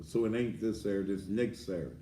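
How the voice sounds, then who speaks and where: A man's voice: on the low side, fast talker, warm tone, a little hiss or hum. A middle-aged man, a pastor giving a blunt, fiery sermon-style address with profanity. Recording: roomy echo, distant from the mic.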